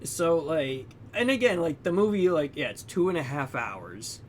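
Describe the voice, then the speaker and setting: Young man, podcast co-host, casual film recap, animated voices, filler-heavy, slightly high voice, faint background noise. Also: normal speed. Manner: animated storytelling, acting out characters with loud high bursts; heavy use of fillers like "like" and "you know".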